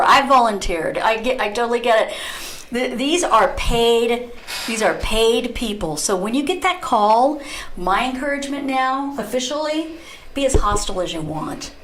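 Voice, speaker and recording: A middle-aged woman hosting a talk radio show, telling a story in a lively, chatty way and often breaking into laughter. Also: on the high side, a little hiss or hum. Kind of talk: casual talk radio monologue. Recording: roomy echo.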